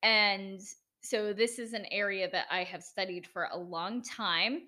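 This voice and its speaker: Bright, chatty American woman podcaster. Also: mid-range voice, fairly even intonation, a little slow. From United States. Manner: enthusiastic, chatty, self-deprecating asides. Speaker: podcast host. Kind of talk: solo educational podcast talk.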